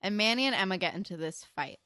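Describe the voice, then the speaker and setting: A young woman chatting casually as a podcast co-host, recapping a TV episode, animated and peppering her talk with "like" and swearing. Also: mid-range voice, quick pace, no room sound, studio quality. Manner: animated, swears a lot, many likes.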